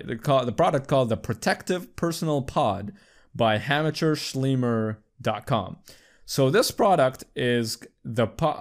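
A young man hosting a podcast, chatting casually in a rambling, profane way and jumping into high squeaky voices for quips. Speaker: podcast host. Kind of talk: casual chat.

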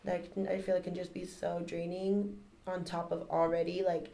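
A young woman in a class discussion, talking quickly with many fillers. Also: on the low side, little pitch movement, gravelly, mellow. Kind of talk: casual discussion.

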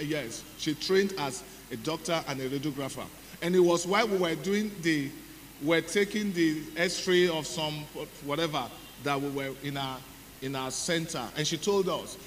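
A man's voice: sits high, fairly bright tone. A middle-aged Nigerian man preaching a sermon as pastor, telling a personal story dramatically and acting out the dialogue. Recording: reverberant hall with faint noise.

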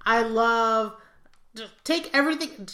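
A woman co-hosts a casual podcast chat, talking in an animated, chatty way full of filler words. Her voice sits a little high. The recording has a noticeable room echo. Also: a little slow. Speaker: podcast co-host. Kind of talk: casual chat reviewing music videos. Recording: echoey room.

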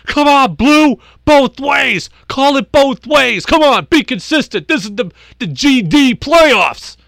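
Give me a man doing a raging ballplayer yelling at the ump, bright and loud. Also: very high voice, expressive, takes it slowly, creaky, dry recording, pitched above the performer's own voice, exaggerated voice. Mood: outraged. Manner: shouting, indignant. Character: furious ejected male ballplayer yelling at ump.

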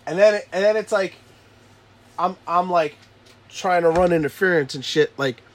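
A man in his thirties, a father, telling a story in profane casual chat and acting out his shouting kids and himself. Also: sits high, moderate pace. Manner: animated, acts out his kids and himself yelling.

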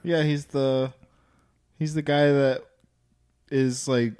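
A man's voice: mid-range voice, flat delivery, slow, a little mellow, smooth. A young man co-hosting a casual movie podcast, rambling with fillers and laughing. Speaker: podcast co-host.

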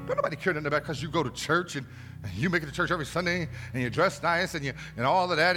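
A man's voice: on the high side, racing, pushed and bright, soft background music. A middle-aged man preaching a storytelling sermon in a church, emotional and repetitive, dropping into slangy asides. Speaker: pastor. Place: church sanctuary.

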